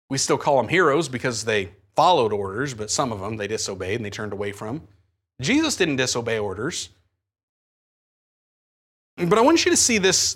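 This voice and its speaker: A man preaching a sermon, animated, acting out his own pleading prayers. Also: sits high. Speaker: pastor.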